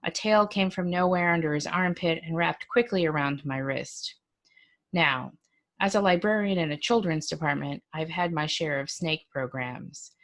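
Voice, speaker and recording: Librarian lady reading a story out loud, lowish voice, measured and a bit dry. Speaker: children's librarian reading aloud.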